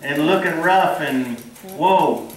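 A man's voice: on the high side, slow. A man preaching a sermon in a folksy, earnest way and drawing responses from the congregation. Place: church hall. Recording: echoey hall from far off.

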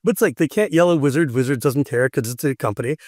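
A man hosting a podcast, chatting casually and telling animated stories with frequent laughs. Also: mid-range voice, fast talker, no room sound, clean studio sound. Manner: animated storyteller who laughs often. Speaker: podcast host.

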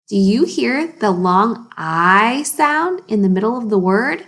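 A woman teaching a phonics lesson to young children, sounding words out slowly and asking the class encouraging questions. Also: mid-range voice, animated, fairly bright tone. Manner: slow, exaggerated sounding out of words.

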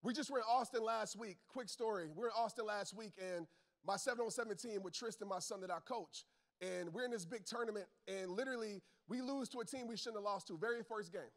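With a high voice and a fairly quick delivery, a man gives a motivational speech to a live audience. As a father and football coach, he preaches with emphasis, addressing the crowd head-on in casual Southern slang and repeating the lines that matter most to him.

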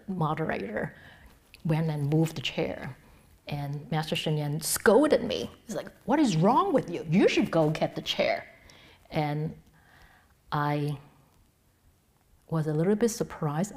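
A middle-aged woman teaching a Buddhist dharma talk in a low voice. She speaks haltingly, restarting her sentences, and her voice often sinks to a soft, breathy near-whisper. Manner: halting, with many restarts and fillers.

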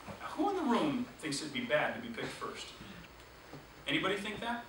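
A male sales trainer leading a classroom training session, energetic and quizzing the class with questions. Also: high voice, moderate pace. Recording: echoey room, distant mic, background noise.

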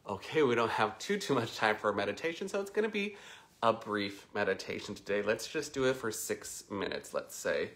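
A man teaching yoga, guiding a breathwork and meditation class in a calm, unhurried way that slows way down when he repeats the mantra. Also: lowish voice. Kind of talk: guided meditation instruction.

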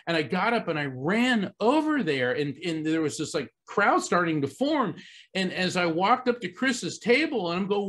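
A middle-aged man from Central Florida tells a personal story to a live audience, his voice sitting a little high for a man. He speaks earnestly and conversationally, with frequent "um"s and restarts. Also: big pitch swings, moderate pace, fairly bright tone. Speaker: psychic medium giving a talk.

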